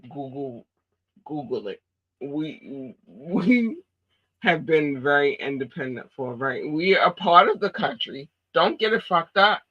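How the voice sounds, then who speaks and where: A woman's voice: low voice, big pitch swings, unhurried, fairly bright tone, highs cut off. A woman from Baltimore with a Baltimore accent, podcast host in casual chat, talking in an emphatic, blunt and profane way. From Baltimore, USA.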